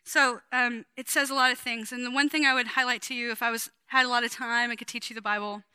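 A woman in her forties preaching to women in a chatty, emphatic way, with sudden loud bursts of energy. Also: on the high side, fairly even intonation, quick pace, clear, resonant tone, dry recording. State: sweating. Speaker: women's ministry speaker. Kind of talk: sermon.

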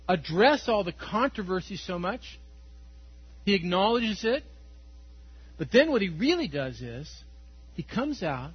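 A man preaching a Sunday sermon, reading scripture and speaking with animated emphasis, often chuckling, then dropping to quiet, earnest tones. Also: fairly high pitch, breathy edge, lo-fi sound. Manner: animated, laughs often, swings between loud emphasis and quiet intensity. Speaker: pastor.

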